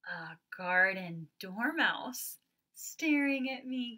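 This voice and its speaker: A bright, animated woman runs a children's storytime in a sing-song voice. She takes her time and swoops widely in pitch. She makes playful animal sounds and drops into hushed asides. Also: measured pace. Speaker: children's librarian. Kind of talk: family storytime with songs and rhymes.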